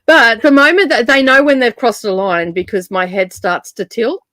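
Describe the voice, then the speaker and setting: A woman's voice: a little high, normal speed, fairly bright tone, dry recording. Giggly, sarcastic woman streamer, dry sound. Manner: laughs often, sarcastic and rambling. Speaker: streamer hosting a reading sprint. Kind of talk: casual chat.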